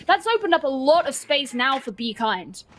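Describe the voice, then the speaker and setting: High-voiced woman analyzing a game. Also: very animated, a bit bright, slight background noise. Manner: analytical, measured. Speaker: esports analyst. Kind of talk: color commentary.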